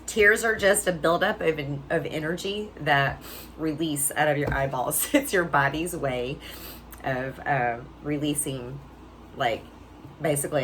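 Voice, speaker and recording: A woman's voice: deep voice, moderate pace, a bit bright, a little hiss or hum, rough recording. A middle-aged woman vlogger telling a personal story in a chatty way, often laughing and checking in with "right?".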